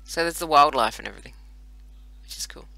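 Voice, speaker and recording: A woman's voice: low-pitched, lively intonation, fast talker, gravelly, bright, forceful tone, no echo, poor audio. A woman hosting casual gameplay commentary, rambling and chatty with self-mocking asides, recorded on a computer microphone. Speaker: host playing a browser strategy game.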